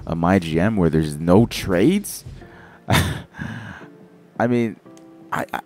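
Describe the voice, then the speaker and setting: A man's voice: deep voice, slow, a little mellow, soft background music. A young man giving rambling, casual commentary over his basketball video game, in a groggy morning voice, often correcting himself. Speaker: gaming commentator.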